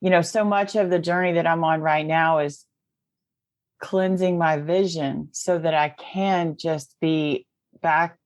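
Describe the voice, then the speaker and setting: Brief: woman podcast host, lower-pitched, thoughtful and good-humored. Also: fairly even intonation, unhurried. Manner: reflective, warm-humored, laughs easily. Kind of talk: casual podcast chat.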